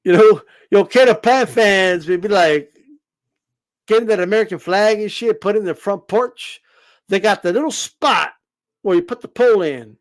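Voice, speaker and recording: A man's voice: high-pitched, normal speed. A man hosting a boxing channel, ranting to camera in a sarcastic, profane, mocking way. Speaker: boxing YouTuber. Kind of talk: casual rant to camera.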